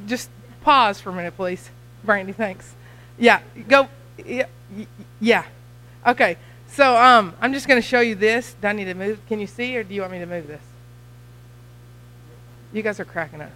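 A young woman with a Kentucky accent giving a church mission talk, chatty and nervous, talking fast. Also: mid-range voice, pushed and bright, rough recording. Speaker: missionary guest speaker.

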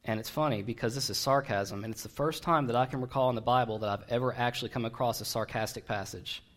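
A man's voice: medium pitch, fast talker, a bit bright. A man preaching a sermon, retelling a Bible story in a conversational, digressive way with wry asides.

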